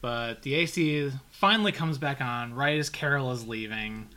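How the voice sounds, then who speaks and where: A man's voice: mid-range voice, moderate pace, pushed and bright. A man co-hosting a casual podcast, plainly summarizing TV episode plots. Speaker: podcast co-host. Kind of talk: casual TV recap chat.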